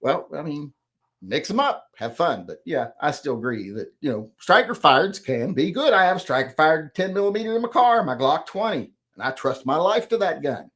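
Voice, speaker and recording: A man's voice: a little high, sing-song, normal speed, a bit bright. A middle-aged man hosting a casual chat, reading viewer comments aloud and answering them in a rambling, self-correcting, plain-spoken way. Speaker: host.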